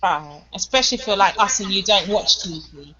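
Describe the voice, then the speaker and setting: Brief: emphatic British woman, bright tone, casual chat, muffled lo-fi mic with faint hiss. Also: medium pitch, brisk. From Britain. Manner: frank and emphatic, swears casually. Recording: dull lo-fi audio with faint noise.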